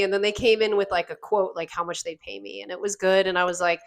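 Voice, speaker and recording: A woman in her thirties tells a story on a podcast with lots of energy. She laughs easily and acts out what people said. Her voice sits at an ordinary middle pitch. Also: brisk. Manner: animated, laughs often, acts out quotes. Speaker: podcast guest. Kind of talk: casual storytelling chat.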